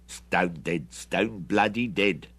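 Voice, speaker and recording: A man voicing a brash, trigger-happy male mercenary who talks loud and hoarse with excited swagger. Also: sits low, slow pace, exaggerated voice. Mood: boastful excited.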